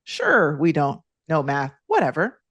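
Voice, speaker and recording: A woman in her thirties, a former athlete, telling lively stories as a podcast guest and acting out quoted kids in higher voices. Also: unhurried, breathy edge, no echo, muffled recording. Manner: animated, acts out quoted kids in higher voices, laughs often. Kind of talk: conversational storytelling interview.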